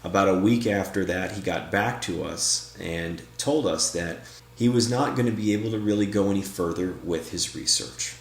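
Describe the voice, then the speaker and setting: A man with a very deep voice narrates a paranormal vlog at a slow, deliberate pace, at times calling out to unseen guides. The sound is echoey and roomy, as if recorded in a bare room. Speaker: paranormal investigator. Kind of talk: vlog narration and spirit session.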